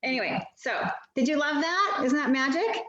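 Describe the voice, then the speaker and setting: A woman's voice: high voice, expressive, moderate pace, a crowd in the background. A woman, a stylist training other sellers, giving a casual, chatty product demo full of self-deprecating asides. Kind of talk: casual instructional demo on a video call. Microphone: video call mic. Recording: dull, roomy video call audio.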